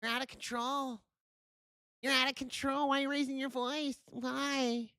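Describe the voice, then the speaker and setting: A shrill, indignant young girlfriend, as a man puts her on in falsetto, whining and shrieking defensively. The voice jumps far above his own low register. Her bursts are sharp and high. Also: level tone, normal speed, clean tone, no room sound, full character voice.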